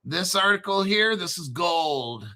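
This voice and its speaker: Hyped, profane man with bright voice. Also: high-pitched, expressive, measured pace. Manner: profane, hyped, keeps clearing throat. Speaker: crypto show host. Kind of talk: excitable solo commentary stream.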